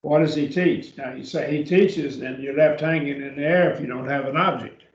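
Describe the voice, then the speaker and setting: A man teaching a classroom grammar lesson, speaking slowly with many fillers, restarts and repeated words. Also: a little high. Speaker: Greek teacher. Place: church classroom. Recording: dull, roomy classroom recording.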